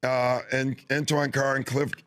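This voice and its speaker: A man's voice: mid-range voice, little pitch movement, a little slow, fairly bright tone. A man, a former basketball player, chatting as a podcast guest and telling stories with laughs and restarts. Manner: laughing storyteller, trailing restarts. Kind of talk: casual podcast chat.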